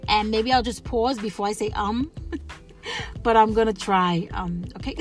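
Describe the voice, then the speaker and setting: A woman's voice: medium pitch, a little slow, music in the background. A woman hosting a casual solo podcast, chatting in a rambling way with lots of fillers, restarts and laughs. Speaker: podcast host.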